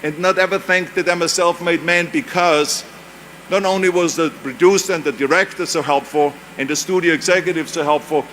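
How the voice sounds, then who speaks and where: A man's voice: a little high, steady tone, brisk, fairly bright tone, slight background noise. A man in his seventies, a native German speaker with a German accent, gives an emphatic, anecdotal motivational speech with self-mocking humor at a university event. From Europe. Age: 70s.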